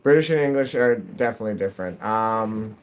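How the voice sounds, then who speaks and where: A man's voice: on the low side, animated, brisk, slight background noise. A middle-aged man chatting casually while streaming a game at home, rambling and restarting, his nose a little stuffy. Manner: rambling, self-interrupting, chatty. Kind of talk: casual chat while gaming.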